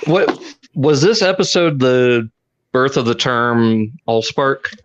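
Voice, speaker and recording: Laid-back man with halting starts. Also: medium pitch, muffled recording. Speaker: podcast co-host. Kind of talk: casual chat.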